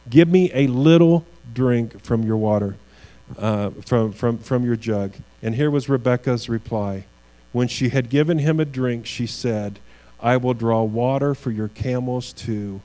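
Earnest and a bit halting, a pastor preaches with a warm, mellow voice, using repetition to build up to his main points. A low electrical hum sits beneath the rough recording.

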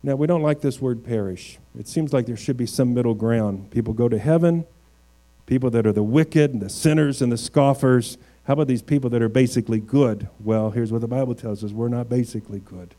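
A man's voice: mid-range voice, warm tone. A male pastor preaching a sermon, reading scripture and building to emphatic, raised points. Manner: reads scripture slowly, then builds to emphatic, raised crescendos.

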